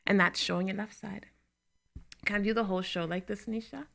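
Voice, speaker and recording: A woman's voice: mid-range voice, fairly even intonation, fairly quick, gravelly, a bit bright. A young adult woman hosting a talk show, chatting casually to camera with laughing asides and stressed words.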